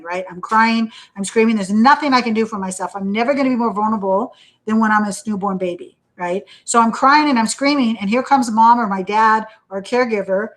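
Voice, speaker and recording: A woman's voice: mid-range voice, a bit bright. A woman giving a recorded university lecture in a conversational way, asking "right?" after almost every point and acting out panicked inner voices to make examples vivid. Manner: conversational, checks in with "right?" constantly.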